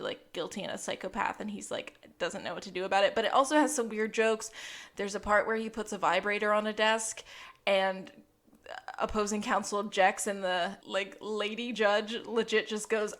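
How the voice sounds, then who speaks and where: A woman co-hosting a chatty podcast, rambling through a recap with plenty of filler words. She laughs easily, and her voice sits at an ordinary middle pitch. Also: fairly bright tone. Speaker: podcast co-host. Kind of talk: casual chat.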